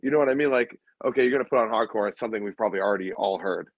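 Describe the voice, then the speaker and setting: A man who is a guest musician, telling stories in a relaxed, casual way with lots of fillers. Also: fairly low pitch, rapid-fire, no room sound, lo-fi sound. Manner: relaxed storyteller, many fillers. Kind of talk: casual chat.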